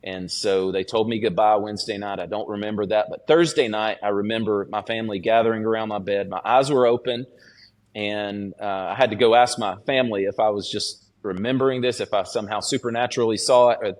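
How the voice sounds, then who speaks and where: A man, a student pastor, giving an earnest personal testimony as a podcast guest, in a halting, restarting way. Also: on the low side, steady tone.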